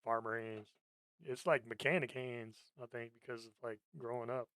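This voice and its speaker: Podcast host guy, middle pitch, dry close mic, rambly and cussing a lot. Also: steady tone, normal speed, a bit bright, dry recording. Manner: profane, rambling storyteller who laughs a lot. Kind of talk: casual chat.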